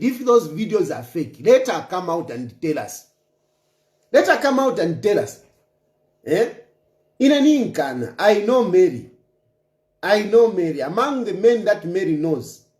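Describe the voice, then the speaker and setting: Man, political rant, taunting and emphatic, repeats himself, high voice, echoey room. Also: darkish tone. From Zambia. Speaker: political commentator. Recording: roomy echo.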